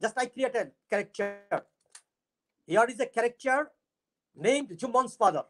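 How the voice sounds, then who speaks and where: A man from Bangladesh with a Bangladeshi accent, giving a casual monologue in halting English and often stopping to search for words. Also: very high-pitched. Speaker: astrologer and YouTube creator.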